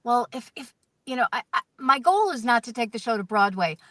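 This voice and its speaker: High, animated American woman, dry sound. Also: fairly quick, no room sound. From United States. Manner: animated, self-deprecating, storytelling. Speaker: guest performer. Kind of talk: casual interview. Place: outdoors in a parked car.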